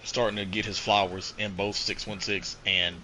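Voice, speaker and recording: A man's voice: fairly low pitch, flat delivery, normal speed, bright, forceful tone, a little hiss or hum, poor audio. A man co-hosting a casual podcast, retelling comic book plots in a rambling way, with a lot of "you know" and swearing. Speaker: podcast co-host.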